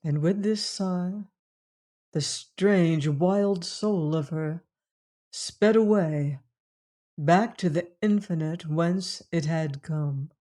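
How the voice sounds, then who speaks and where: A slow, solemn male narrator. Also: fairly high pitch, mellow. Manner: measured, solemn reading. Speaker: audiobook narrator. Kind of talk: scripted narration of a classic novel.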